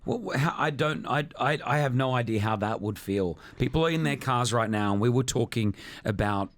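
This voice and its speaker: A man hosting a morning radio show, speaking at an everyday middle pitch. He is close on a studio mic with a dry, dead sound. He asks his questions gently and restarts often as he hunts for the right words. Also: fairly quick, no echo. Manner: empathetic, fumbling restarts when asking hard questions. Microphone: studio microphone.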